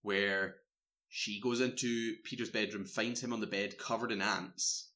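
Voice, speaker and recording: A man's voice: fairly low pitch, a little slow. A man in casual chat, retelling a film's plot with lots of fillers and restarts. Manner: rambling, filler-heavy, animated retelling. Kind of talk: casual chat recapping a film.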